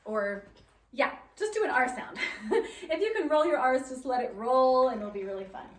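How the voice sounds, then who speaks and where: Directing a children's choir rehearsal, a woman with a high, expressive voice counts the singers in, upbeat and encouraging, at a moderate pace. The mic sits at a distance in an echoey room, with a keyboard present.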